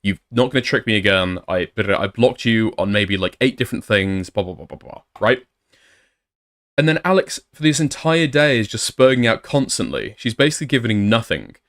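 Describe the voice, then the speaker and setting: A man's voice: lowish voice, expressive, moderate pace, fairly bright tone. Sarcastic male commentator, blunt, reads messages aloud.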